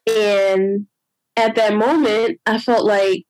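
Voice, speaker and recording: A woman telling a personal story in casual conversation, animated and acting out what others said. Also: mid-range voice, slow, dry recording, poor audio. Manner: animated, re-enacts others with lively quoted voices. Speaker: guest sharing a personal story.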